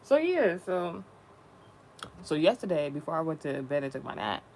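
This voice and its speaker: A young man talks straight to his viewers in a loose, rambling vlog manner. He peppers his slangy talk with swearing and runs on from one thought to the next. His voice sits a bit high, with a faint hiss behind it. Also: sing-song, moderate pace, creaky, darkish tone. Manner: profane, slangy, chatty and rambling. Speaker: spiritual content creator.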